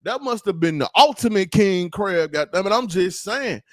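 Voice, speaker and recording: A man hosting his own livestream, ranting in a loose, slangy, rambling way with plenty of animated asides. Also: high voice, moderate pace, dry recording, clean studio sound. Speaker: livestream host. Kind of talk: casual livestream rant.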